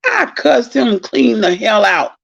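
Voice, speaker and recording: Gravelly, husky middle-aged woman telling a story. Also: on the high side, slow. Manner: animated, exclaiming, long-winded. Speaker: live-stream host. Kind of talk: casual storytelling monologue. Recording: dull lo-fi sound.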